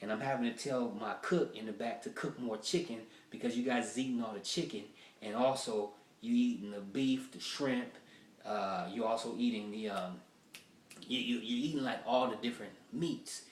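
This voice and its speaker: Comedian doing stern, lecturing buffet boss; roomy echo, mic far away. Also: male voice, medium pitch, moderate pace, slight background noise, close to an everyday voice. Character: strict male buffet manager scolding customers.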